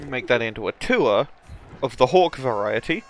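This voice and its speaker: A man's voice: medium pitch, lively intonation, normal speed. A man chatting casually while playing a tabletop sports game with friends, talking through his own moves in a playful way.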